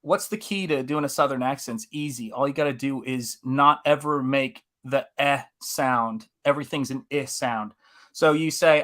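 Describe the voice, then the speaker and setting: A man hosting a live stream in casual chat, animated and laughing often, speaking in a General American accent. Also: mid-range voice, moderate pace. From United States. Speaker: livestream host.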